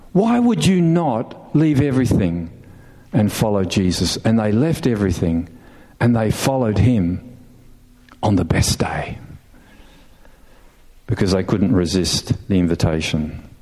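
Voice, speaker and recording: A man's voice: lowish voice, slow. Emphatic preacher, man. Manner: animated storytelling, rising to emphatic questions, with laughs. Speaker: pastor. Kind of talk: sermon.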